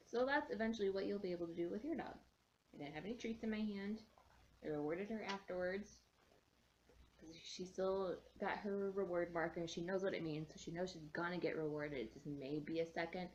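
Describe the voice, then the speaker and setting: A woman's voice: on the low side, darkish tone, highs cut off, slight background noise. A woman dog trainer casually explaining a training method, chatty, with frequent ums and restarts.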